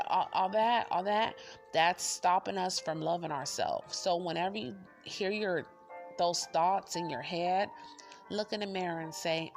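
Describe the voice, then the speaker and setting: Lady doing a chill book review, kinda low voice, music going behind her, keeps repeating affirmations. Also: normal speed. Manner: encouraging, repetitive affirmations, loose and conversational. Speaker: book review channel host. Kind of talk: casual spoken book review.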